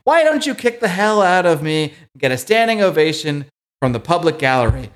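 Man putting on a manic clown villain, theatrical, higher voice, reading-aloud podcast style. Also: very animated, brisk. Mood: taunting. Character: manic male clown villain telling a joke.

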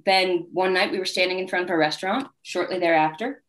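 A woman's voice: fairly low pitch, a little fast. A woman guest author telling candid, wry anecdotes in a casual interview. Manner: acts out quoted people in lively voices.

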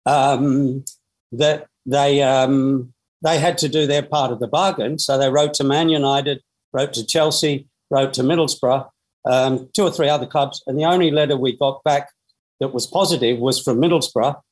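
An Australian former footballer in his sixties recounts his story in an interview, speaking lively with lots of restarts and fillers. His mid-range voice moves at a normal speed, and the recording is rough.

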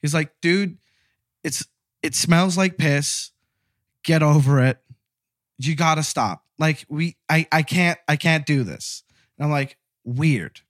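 Animated man telling a workplace story. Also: on the high side, takes it slowly, no echo, clean studio sound. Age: 30s. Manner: animated, laughing, acts out coworkers' lines. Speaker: caller. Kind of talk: casual storytelling.

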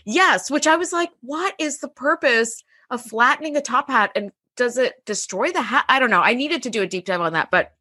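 Animated woman recapping with bright tone. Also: on the high side, moderate pace, few pauses, slightly rough, no room sound, clean studio sound. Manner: animated, acts out characters' lines, laughs often. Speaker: podcast co-host. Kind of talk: casual recap chat.

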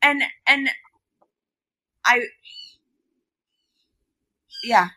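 Speaking a little high with drawn-out words and a sharp edge, a young adult podcast co-host recounts a personal story. She's relaxed but openly worked up, swearing often and padding her speech with filler.

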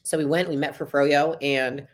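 A woman's voice: low-pitched, fairly even intonation. A young adult woman, a podcast guest, telling her story in a casual, chatty interview and acting out the dialogue. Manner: fast, chatty, acts out quoted dialogue.

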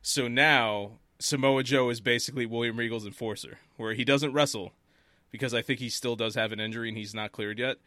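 Bright-voiced man telling wrestling stories. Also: medium pitch, brisk, dry recording. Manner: animated storytelling, laughs often. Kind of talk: casual chat.

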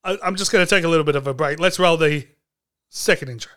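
Male podcast host, high and bright, goofy rambling monologue. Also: fast talker, smooth. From Australia. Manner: jokey, rambling, mock-dramatic. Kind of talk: comedic sports podcast monologue.

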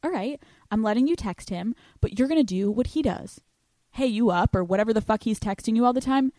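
A woman's voice: fairly high pitch, quick pace, warm tone, no room sound. Blunt, profane woman podcast host. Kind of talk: casual advice monologue.

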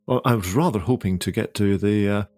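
A man voicing a polite, genteel gentleman traveller with formal, hesitant phrasing in a tabletop game. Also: on the low side, brisk, dry recording, close to an everyday voice. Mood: courteous.

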